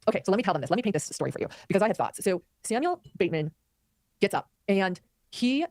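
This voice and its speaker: A woman hosting a live commentary stream, talking quickly and animatedly and reading viewer comments aloud. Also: medium pitch, very animated, darkish tone, no room sound, clean studio sound. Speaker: commentary host.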